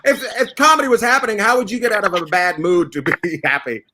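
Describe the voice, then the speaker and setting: A man's voice: high voice, fast talker, background noise. A man hosting a casual comedy chat over a video call, teasing his guests. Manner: teasing and animated. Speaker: host.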